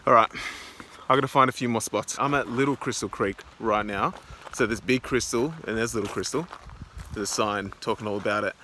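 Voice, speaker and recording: Young aussie guy vlogging on the road, rambly and excitable, bit of noise behind. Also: fairly low pitch, fairly quick. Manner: rambling, excitable, filler-heavy. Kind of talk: casual vlog narration. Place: in a car and outdoors.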